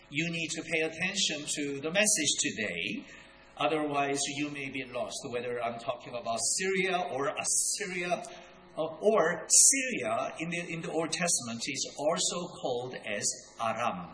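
A man preaches a teaching sermon, his voice slightly high and bright. He works through each point slowly and deliberately, sometimes restarting a word. The sound carries the echo of a church sanctuary, with faint room noise behind. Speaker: pastor. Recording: echoey room.

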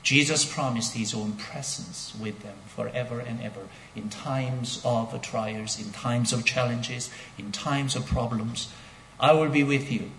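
A man preaching a sermon as pastor, speaking deliberately and building to emphatic declarations with repeated phrases. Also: medium pitch, steady tone, bright, forceful tone, slight background noise. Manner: slow, deliberate delivery with repetitions. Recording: echoey hall with long reverb.

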